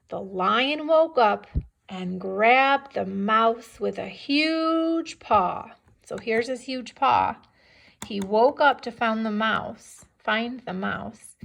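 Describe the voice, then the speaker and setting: A woman's voice: fairly high pitch, creaky. A woman teacher reading a story aloud to young children, patiently stopping to ask them questions. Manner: patient, questioning, checks understanding. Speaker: second-grade teacher.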